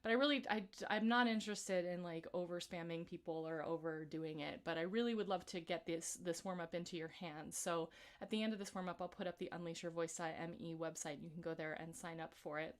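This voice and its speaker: A woman vocal coach leading a live-streamed singing warm-up, explaining exercises in a relaxed, chatty way between scales. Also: on the low side, fairly quick, few pauses.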